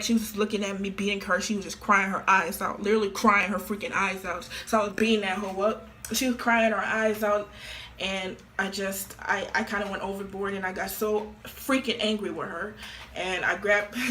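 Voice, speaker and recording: A woman's voice: mid-range voice, a bit bright, slight background noise. A woman in her late teens talking casually to camera, blunt and offhand. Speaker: vlogger.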